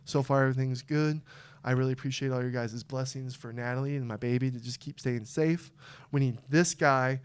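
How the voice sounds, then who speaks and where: Young male podcast co-host, smooth resonant voice, casual and rambling, prone to loud fired-up outbursts. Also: fairly quick. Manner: excitable, swings from low mumble to loud outbursts. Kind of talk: casual chat.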